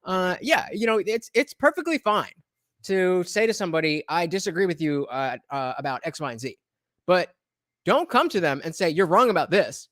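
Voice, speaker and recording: A man's voice: high-pitched, animated, moderate pace, fairly bright tone, no echo. Streamer host, male, loose rambling commentary, dry close mic. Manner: rambling, frequent fillers and restarts, blunt with swearing. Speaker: streamer reacting to a debate clip. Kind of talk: casual reaction commentary.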